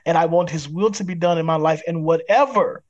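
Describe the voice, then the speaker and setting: A man's voice: a little high, brisk, darkish tone, lo-fi sound. A man who is a pastor, a guest on a podcast interview, speaking in an emphatic, preacherly way. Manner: acts out quoted people in other voices.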